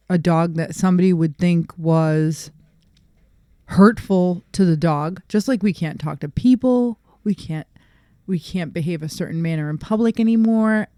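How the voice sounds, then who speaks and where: Woman dog trainer, podcast co-host, animated storyteller; smooth, resonant, close and dry sound. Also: on the low side, no room sound. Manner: animated storyteller who acts out quoted people. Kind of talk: casual podcast chat.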